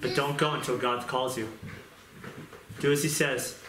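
A man's voice: mid-range voice, fairly even intonation, normal speed, a crowd in the background. A man preaching a testimony sermon, telling his story earnestly and repeating his points for emphasis. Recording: echoey room with loud noise.

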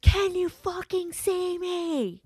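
A woman voicing a menacing, lewd snake-eyed male creature who taunts in a loud yell or a hissing whisper. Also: very high-pitched, slow, dry recording, clean studio sound, voice pushed up.

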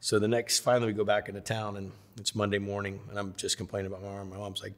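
Low-voiced man telling animated stories. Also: fast, few pauses. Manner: animated storyteller, acts out voices of others. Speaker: interview guest. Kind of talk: storytelling in a sit-down interview.

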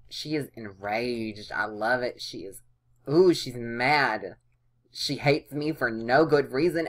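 Woman, game commentary, very deep voice, casual, playful. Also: slow pace. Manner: chatty, playful, voices her sims' lines. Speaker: let's play host.

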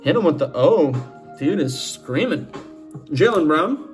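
A man's voice: a little high, very animated, unhurried, soft background music. A man with a Boston accent hosting a sports card channel, chatting and joking with viewers while opening packs. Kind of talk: casual pack-opening commentary.

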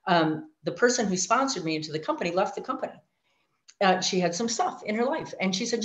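A middle-aged woman sharing her life story, animated, acting out voices and speaking asides to her listeners. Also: on the high side, fast. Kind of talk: personal testimony talk. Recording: dull lo-fi audio.

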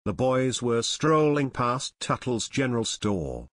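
A man narrating an audiobook in a clear, expressive storytelling way. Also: medium pitch, measured pace. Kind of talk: scripted narration.

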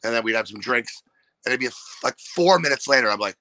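A comedian from New York with a New York accent, talking casually and profanely, breaking into loud, ranting impressions. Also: male voice, mid-range voice, expressive, fast, low-quality recording. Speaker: comedian guest. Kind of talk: casual podcast chat.

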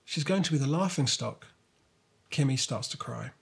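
A man narrating a children's storybook in a lively, expressive way. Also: medium pitch, moderate pace, vocal fry, breathy edge.

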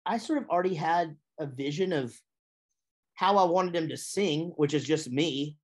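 Chatty, animated middle-aged man. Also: normal speed. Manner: chatty and animated, with big pitch swings when telling stories. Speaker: guest, musician and voice actor. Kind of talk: casual interview chat.

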